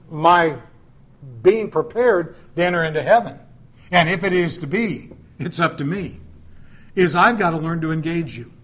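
A middle-aged man delivers a sermon in an easygoing, chatty manner. He drifts into personal stories and side remarks to his listeners. His voice sits a little higher than most men's. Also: fairly bright tone, husky. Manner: conversational storytelling with asides. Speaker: preacher.

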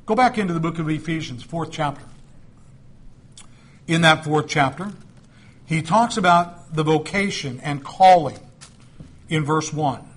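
A middle-aged man delivers a sermon in an easygoing, chatty manner. He drifts into personal stories and side remarks to his listeners. His voice sits a little higher than most men's. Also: unhurried, pauses often. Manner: conversational storytelling with asides. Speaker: preacher.

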